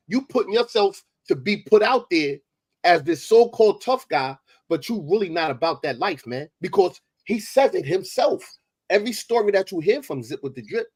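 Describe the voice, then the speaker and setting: A man's voice: sits high, a little mellow, slightly rough. A man, debating in a heated, confrontational way and repeating himself for emphasis.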